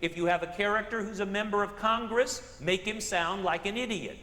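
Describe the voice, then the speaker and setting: A man's voice: high-pitched, normal speed, sharp tone, echoey room, big-room sound. A man giving a public literature lecture on a theater stage, asking rhetorical questions and tossing in comic asides.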